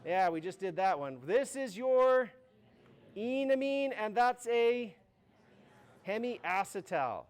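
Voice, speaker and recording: Man doing a creepy announcer voice, slow and drawn out, high and raised. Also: lively intonation, clean tone. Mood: eerie.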